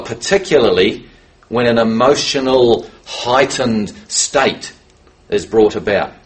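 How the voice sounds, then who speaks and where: A man preaching a sermon, reading scripture aloud and stressing key words as he slows for emphasis. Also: medium pitch, poor audio.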